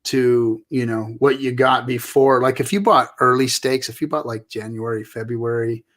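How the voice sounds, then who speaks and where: A man's voice: mid-range voice, steady tone, moderate pace, a bit bright. A man co-hosting a casual crypto chat show, laid-back and joking, repeating phrases as he talks. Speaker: co-host.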